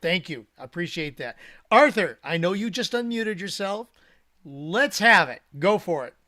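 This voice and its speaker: A man's voice: sits high, expressive, normal speed, sharp tone. A man co-hosting a live online session, telling stories and calling on participants. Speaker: co-host, moderator. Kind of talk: casual chat, moderating callers.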